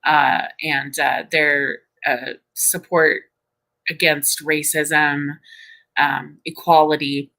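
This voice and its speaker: A low-pitched woman with a bright, forceful tone hosts a stream in casual chat. She rambles and often stops to restart her sentences as she works through her thoughts. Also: flat delivery, slow, low-quality recording. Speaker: stream host.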